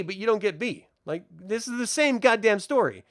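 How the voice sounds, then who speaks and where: A woman's voice: medium pitch, moderate pace, hardly any pauses, dry recording, studio quality. A woman co-hosting a casual TV review chat, retelling scenes with a lot of swearing and laughter. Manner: profane, laughing, animated retelling. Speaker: co-host reviewing a TV episode.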